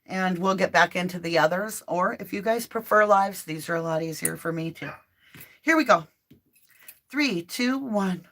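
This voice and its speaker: A woman's voice: fairly low pitch, normal speed, fairly bright tone. A woman hosting a live tarot reading from her home office, chatting informally with viewers and speaking prayers aloud. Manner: chatty and informal, often addressing viewers directly.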